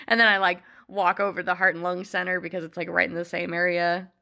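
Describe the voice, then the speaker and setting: A woman's voice: on the low side, level tone, fairly quick, creaky, pushed and bright. A young woman telling a rambling, exasperated story in a casual vlog, with sarcastic asides. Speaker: vlogger.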